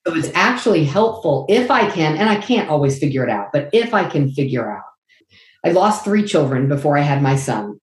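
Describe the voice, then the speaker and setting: A middle-aged woman with a low-pitched voice speaks earnestly and candidly as an interview guest. She acts out lively quotes as she talks. Her voice rings in an echoey room. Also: brisk. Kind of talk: faith-based interview answer.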